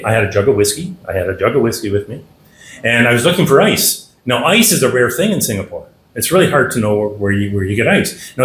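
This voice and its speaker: A man's voice: on the low side, a little hiss or hum. Man, middle-aged, from Canada, after-dinner speaker, humorous storytelling, echoey banquet room, faint ambience. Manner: folksy, humorous, acts out the people in his stories. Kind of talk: anecdotal storytelling speech. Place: dinner hall.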